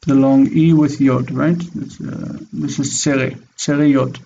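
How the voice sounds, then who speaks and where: A man's voice: medium pitch, steady tone, takes it slowly, gravelly, warm tone, dull audio. A man teaching a Hebrew class, patiently drilling pronunciation and repeating words. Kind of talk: slow online class teaching.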